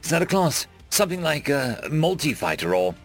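A blunt, excitable young adventurer blurts out his thoughts in a raised, lively voice, as a male narrator puts him on. The pitch sits well above the narrator's own, and the delivery is quick and animated. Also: soft background music. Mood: urgent, excited.

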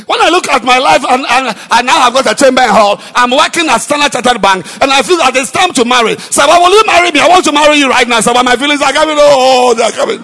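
A preacher putting on a bellowing lovesick suitor. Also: male voice, very high-pitched, vocal fry, bright, forceful tone, pitched above the performer's own voice, full character voice. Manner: bellowing, overeager declarations. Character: loud lovesick young man shouting a proposal.

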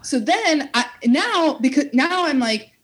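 A young woman telling a story on a casual talk show, animated, acting out quotes and swearing freely. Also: sits high, a little slow. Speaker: podcast host telling a story.

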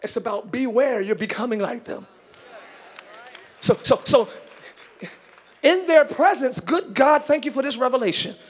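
High-pitched, shouting preacher man. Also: normal speed, husky. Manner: animated preaching, shouting and acting out scenes. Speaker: pastor. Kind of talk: sermon. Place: church.

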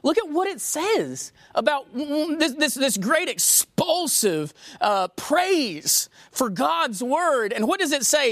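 A woman preaching a sermon, emphatic and swinging from raised to hushed, asking the congregation questions. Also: high voice, big pitch swings, slow pace, few pauses, no echo, clean studio sound.

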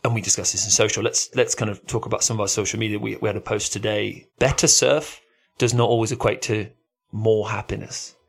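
A man co-hosting a podcast, chatting casually and animatedly, often jumping into a high excited voice. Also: brisk, vocal fry, slightly rough. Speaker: podcast co-host. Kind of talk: casual chat.

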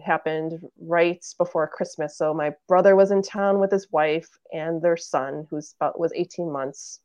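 A woman's voice: sits low, fairly even intonation, measured pace, darkish tone, dry recording, dull audio. A woman in her thirties, a podcast guest, earnestly telling a family story in casual conversation and acting out what relatives said. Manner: earnest storytelling, acts out quoted family members.

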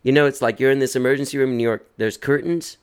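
A man's voice: mid-range voice, steady tone, fast talker, clear, resonant tone. A man hosting a casual chat, telling a long story in a rambling way, laughing and swearing as he goes. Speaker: host.

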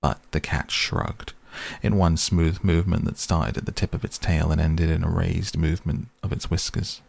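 A man reading a storybook aloud as narrator, in a slow, measured way. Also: low voice, vocal fry, a little mellow, dry recording. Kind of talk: audiobook reading.

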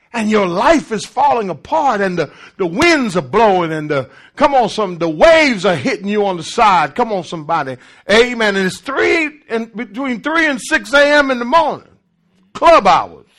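A man preaching a call-and-response sermon, emphatic and repetitive, swinging from shouts to low murmurs. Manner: repeats and restarts words for emphasis.

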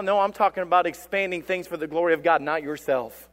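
A pastor delivers his sermon in a high, bright voice that rings through a church with a long reverb tail. He swings between loud declarations and quieter, low asides. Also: fast, hardly any pauses. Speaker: lead pastor. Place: church sanctuary.

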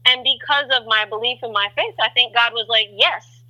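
A woman tells her testimony fairly quickly as a guest on a faith talk program, a lively storyteller who jumps way up and down in pitch while doing voices. The recording sounds rough.

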